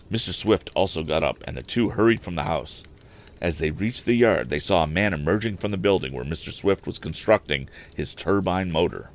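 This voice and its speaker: A man narrating a storybook aloud as podcast host, in an expressive, measured storytelling way. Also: extremely low pitch. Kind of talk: audiobook narration.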